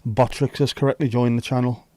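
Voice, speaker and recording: A man's voice: mid-range voice, little pitch movement, a little fast, dark tone, dry recording. A man with a Liverpool accent hosting a casual livestream, greeting viewers by name, bantering and grumbling at his own setup. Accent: Liverpool (Scouse). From Liverpool, England. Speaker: livestream host. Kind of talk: casual live-stream chat.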